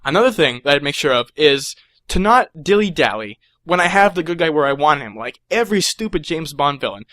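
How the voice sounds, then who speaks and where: A man's voice: a little high, fairly quick, no echo. Stammering young man on a comic rant. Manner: excitable, stammering, acts out voices. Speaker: comedic storyteller. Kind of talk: rambling comedic rant.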